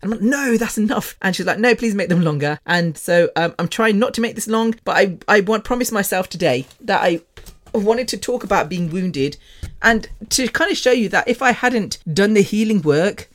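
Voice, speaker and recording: A woman's voice: mid-range voice, moderate pace. Blunt, swearing woman podcaster. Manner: blunt, swearing, animated, over the top. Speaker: podcast host. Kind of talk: candid solo podcast monologue.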